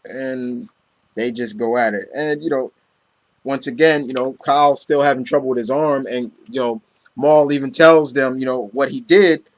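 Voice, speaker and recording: A man's voice: medium pitch, moderate pace, dry recording. A man casually recapping a comic book story, rambling with lots of fillers and acting out the characters' lines. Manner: rambling, heavy on fillers, acts out quotes.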